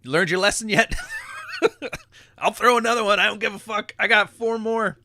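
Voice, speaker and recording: Male podcast host, forceful and profane, slightly high voice, dry close sound. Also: normal speed, no room sound. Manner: blunt, profane, laughing. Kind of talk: live podcast rant.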